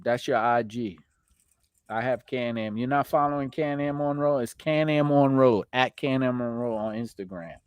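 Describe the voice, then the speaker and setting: A man with a New York accent hosting a casual live stream, giving shout-outs to viewers and laughing often. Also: mid-range voice, moderate pace, clean tone, dry recording. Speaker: host.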